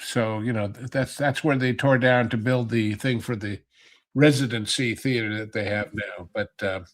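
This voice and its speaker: A man's voice: medium pitch, fairly even intonation, normal speed. A man on a podcast panel telling rambling, nostalgic stories in casual chat.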